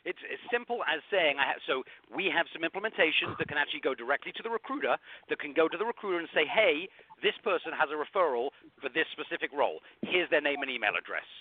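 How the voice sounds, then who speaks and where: Male guest, rapid product explainer, dry narrow phone-line audio. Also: animated, no echo. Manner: quick, explanatory, pitching a product. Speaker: guest, alumni platform founder. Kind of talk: casual talk show discussion.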